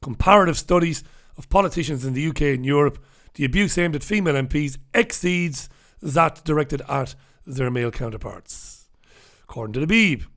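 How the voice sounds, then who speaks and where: A man's voice: a little high, lively intonation, moderate pace, a bit bright. An Irish man hosting a solo newspaper review show, talking bluntly and sarcastically with profane asides while he reads out viewers' comments. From Ireland. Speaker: host. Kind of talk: solo news review show, reading live chat comments.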